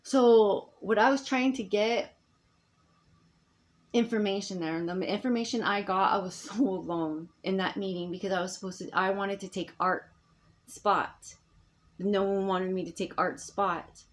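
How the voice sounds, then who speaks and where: A vlogger talks directly into her phone in a rambling personal monologue, her mid-range voice moving at a measured pace. She is emphatic, and she keeps restarting thoughts that then trail off.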